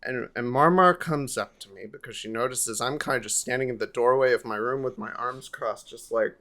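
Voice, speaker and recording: A man hosting a podcast, telling a family holiday story in a casual, animated way. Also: mid-range voice, moderate pace, hardly any pauses. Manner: animated, lively anecdote telling with swearing. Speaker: podcast host.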